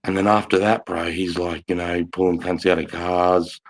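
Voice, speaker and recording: A man's voice: deep voice, flat delivery, normal speed, creaky, poor audio. A man, telling a rambling story in casual livestream chat, swearing often and saying mate and bro.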